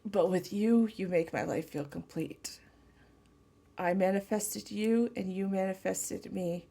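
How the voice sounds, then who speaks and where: A woman tarot reader speaking a channeled message slowly and tenderly, close to tears. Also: mid-range voice, gravelly, mellow. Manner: slow, tender, emotional. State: tearful.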